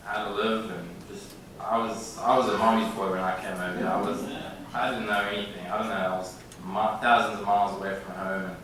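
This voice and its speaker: A man in his thirties giving a halting, heartfelt acceptance speech, with many pauses and filler sounds, in a large banquet room. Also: on the low side, flat delivery, fairly bright tone, recorded from a distance. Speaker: hall of fame inductee. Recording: echoey banquet hall from afar with room noise.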